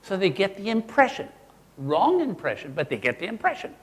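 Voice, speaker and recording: A man presenting a live workshop, playful and animated, quizzing the audience as he teaches. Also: high-pitched, brisk, big-room sound. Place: seminar room with an audience.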